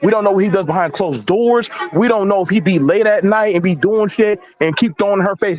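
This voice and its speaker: Fiery high-voiced man debating, lo-fi sound. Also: fast, few pauses, a little mellow. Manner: blunt, emphatic, repeats words, slangy. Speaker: panelist. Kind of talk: heated casual debate. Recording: dull lo-fi audio.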